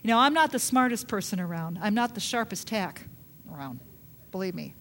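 A woman's voice: mid-range voice, sing-song, fairly quick, a bit bright. A woman pastor preaching a sermon, emphatic, with repeated rhetorical questions.

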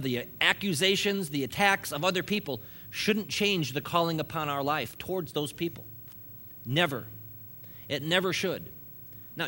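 A man's voice: a little high, bright, forceful tone. A man preaching a sermon, emphatic and repetitive, stressing points by piling up phrases. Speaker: pastor.

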